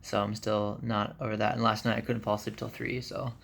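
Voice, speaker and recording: A man's voice: on the low side, a little fast, gravelly. A jet-lagged man giving a rambling, casual vlog update from a hotel room, full of fillers. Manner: rambling, filler-heavy, relaxed chat. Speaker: vlogger.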